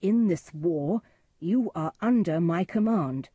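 Woman voicing stern righteous nobleman, firm, husky. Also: lowish voice, lively intonation, takes it slowly, dark tone, no echo, lo-fi sound, full character voice.

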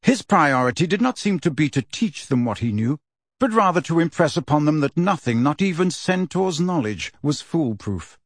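A man reading a story aloud as narrator, in steady storytelling that gives each character a voice. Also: fairly high pitch, normal speed, no room sound, clean studio sound. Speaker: audiobook narrator. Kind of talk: scripted narration.

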